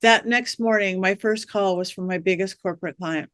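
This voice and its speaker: A woman spinning animated anecdotes in a podcast interview, jumping into the voices of the people in her stories. Her pitch sits mid-range, and the recording is close and dry with no room sound. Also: normal speed, hardly any pauses, dry recording. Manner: animated storyteller acting out quoted voices. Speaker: guest, witch and psychic medium. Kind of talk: storytelling interview chat.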